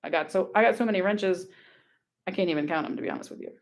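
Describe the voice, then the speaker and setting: A woman's voice: fairly low pitch, fast. Blunt, sarcastic woman from Louisiana. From Louisiana, USA. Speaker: online commentator. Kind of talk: casual vlog reading screenshots aloud.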